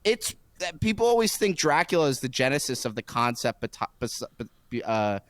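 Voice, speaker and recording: A man's voice: medium pitch, big pitch swings, a bit bright, no echo. A man co-hosting a podcast, chatting casually, rambling and laughing as he tells stories. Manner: rambling, laughing, drawn-out storytelling. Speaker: podcast co-host. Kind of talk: casual chat.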